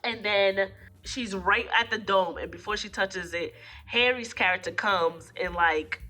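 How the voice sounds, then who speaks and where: A woman recapping a film in a casual review vlog, a little hoarse from a cold, animatedly acting out the lines as she goes. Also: measured pace, faint music behind. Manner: animated retelling, acting out lines in jumps of pitch. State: hoarse, getting over a cold. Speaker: movie reviewer.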